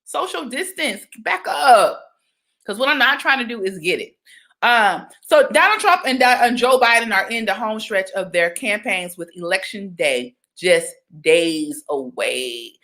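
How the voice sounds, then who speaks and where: A young woman from Georgia, chatting casually on a livestream, animated and talkative. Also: medium pitch, moderate pace. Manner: chatty, animated, breaks into sung exclamations. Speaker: livestream host.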